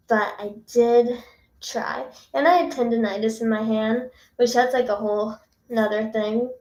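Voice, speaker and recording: Young woman, bubbly, chatty, livestream host, slightly high voice, echoey room. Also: darkish tone. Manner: bubbly, chatty, reads out viewer comments. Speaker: singer hosting a livestream. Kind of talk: casual livestream chat.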